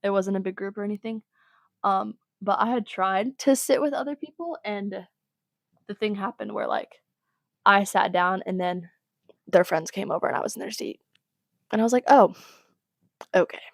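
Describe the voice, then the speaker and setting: A woman's voice: mid-range voice, moderate pace, creaky, long pauses, dry recording, clean studio sound. A teenage girl hosting a podcast, giving casual advice in a chatty, rambling way with sighs and exasperated asides. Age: teens. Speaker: podcast host.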